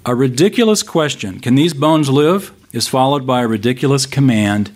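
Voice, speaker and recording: Expressive male pastor preaching a sermon. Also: mid-range voice. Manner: expressive, slows down for emphatic scripture reading.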